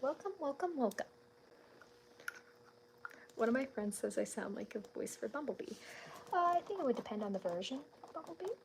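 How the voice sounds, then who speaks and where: A woman's voice: on the high side, animated, fast talker, gravelly, darkish tone, slight background noise. A woman chatting casually on a live art stream at home at night. She laughs often and keeps her voice down so her family is not disturbed. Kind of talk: casual live-stream chat while drawing.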